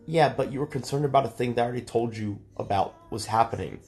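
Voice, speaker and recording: A man's voice: mid-range voice, fast talker, a little mellow. A man in his thirties arguing heatedly on a livestream, lecturing and exasperated, swearing often. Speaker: streamer.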